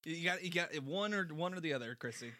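A podcast co-host bantering and joking while a story is read aloud, animated and quick to interject. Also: medium pitch, no room sound, studio quality. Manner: animated, jokey, breaks into silly put-on voices. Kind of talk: comedic banter.

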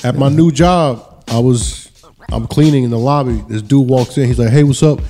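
A man's voice: medium pitch, moderate pace, mellow. A man co-hosting a casual podcast chat, telling laid-back stories and mimicking people. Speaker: podcast co-host.

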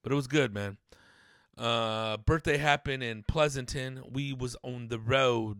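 A man's voice: medium pitch, a little slow, fairly bright tone, no room sound, studio quality. A man hosting a solo podcast, rambling loosely and swearing, calling everyone dude and man. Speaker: podcast host. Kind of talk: casual solo podcast chat. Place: home studio room.

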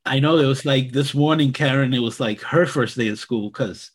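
A man's voice: mid-range voice, moderate pace, breathy edge. An older man co-hosting a casual radio chat, telling family stories in an easygoing way and chuckling as he talks. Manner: easygoing storyteller, chuckles while talking. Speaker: radio co-host.

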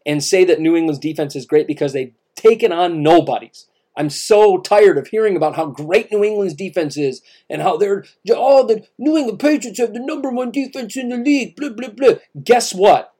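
A man's voice: fairly high pitch, warm tone. A man co-hosting a casual sports podcast, emphatic and repetitive, with many restarts. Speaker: podcast co-host.

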